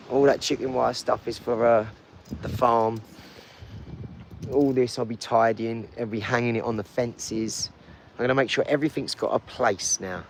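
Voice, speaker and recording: A man chatting casually in a vlog, rambling and playful, a bit hoarse. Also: medium pitch, a little mellow, a little hiss or hum. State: losing his voice. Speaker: vlogger. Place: outdoors in a garden.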